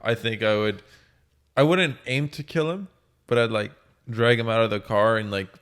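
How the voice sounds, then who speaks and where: A man's voice: medium pitch, moderate pace, fairly bright tone, clean tone. A young man, co-hosting a casual podcast and asking blunt, offhand questions. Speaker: podcast co-host. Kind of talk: casual chat.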